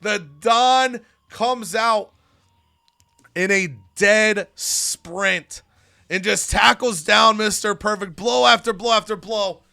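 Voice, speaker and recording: A man's voice: high-pitched, slow, creaky, pushed and bright, clear, resonant tone, dry recording, clean studio sound. A man narrating a wrestling management game story with dramatic, commentary-style delivery.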